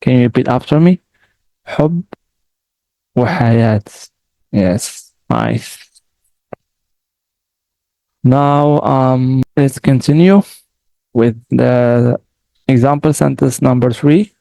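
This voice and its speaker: A man's voice: mid-range voice, slow, vocal fry, pauses often, warm tone. A man from Morocco, teaching a language lesson patiently and repeating words for the listener to echo.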